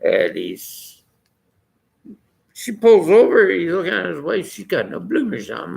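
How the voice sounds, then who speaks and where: A man's voice: on the high side, sing-song, a little slow, vocal fry, a little mellow. An older man with an Irish accent, rambling through an abrasive, jokey rant to his followers. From Ireland. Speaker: vlogger.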